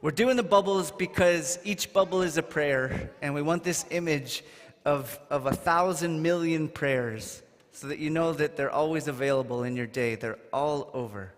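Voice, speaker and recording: A man, a rabbi, leading a holiday service and talking gently and playfully with the children. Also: on the high side, normal speed, hardly any pauses. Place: arts center hall. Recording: long hall reverb, faint music.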